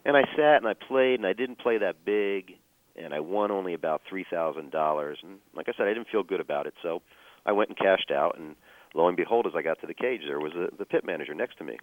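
A man telling a personal story as a guest, measured and full of fillers and restarts. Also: sits low, dry recording, phone-quality sound.

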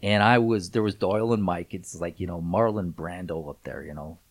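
A middle-aged man, a guest on a show, telling a rambling story with many restarts and getting loud when excited. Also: low voice, a little fast. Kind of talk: casual anecdote telling.

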